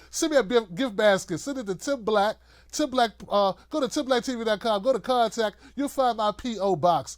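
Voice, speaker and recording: High-voiced man ranting with mocking humor. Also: no echo, clean studio sound. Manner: animated, mocking, acts out quoted voices, laughs often. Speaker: political commentary host. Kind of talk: loose rant to camera.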